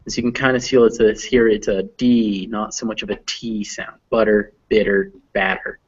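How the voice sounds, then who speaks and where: A man's voice: on the low side, little pitch movement, normal speed, slightly rough. Man, pronunciation teacher, encouraging, lots of ums, dull lo-fi voice chat sound. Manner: patient, encouraging, filler-heavy explanations. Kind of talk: online pronunciation lesson.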